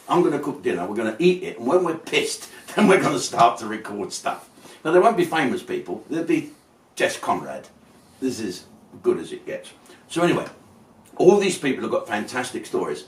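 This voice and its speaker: A man's voice: mid-range voice, recorded from a distance. An older man spins rambling, profanity-laced comic anecdotes. His voice swings widely up and down. It sits back from the mic in a roomy, echoing space. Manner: swearing, rambling, slips into put-on voices. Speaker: comedian telling stories. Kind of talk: casual anecdotal storytelling.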